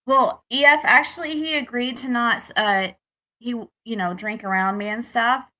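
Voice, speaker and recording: A young adult woman from the United States talks through a dating disappointment for her channel, looping back and restarting as she vents. Her voice is bright and ringing, sitting a little higher than most women's. She sounds frustrated and candid. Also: fairly even intonation, normal speed. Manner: rambling, restarts, frustrated venting. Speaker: vlogger. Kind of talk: casual personal story to camera.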